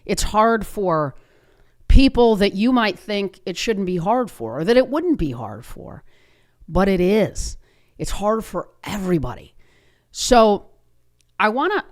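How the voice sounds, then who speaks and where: Woman, fifties, podcast host, earnest, chatty, restarts her sentences, personal story. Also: mid-range voice. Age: 50s. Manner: earnest, conversational, frequent restarts.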